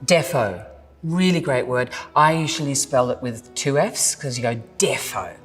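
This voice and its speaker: A woman's voice: rumbling low, lively intonation, unhurried, long reverb tail, soft background music. An Australian woman who acts, explaining slang in a jokey, self-mocking way and drawing out words. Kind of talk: playful scripted explainer.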